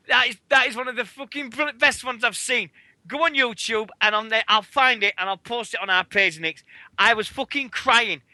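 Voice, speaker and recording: A man's voice: extremely high pitch, dry recording. A British man co-hosting a wrestling radio show, ranting in casual, sweary chat. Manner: swearing, excitable, fast ranting.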